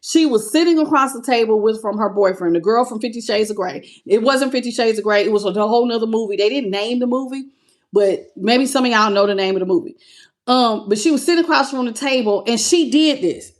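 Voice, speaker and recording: A woman giving a live tarot reading, talking in an animated, conversational way and greeting viewers as they join. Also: on the high side, a little fast. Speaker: tarot reader.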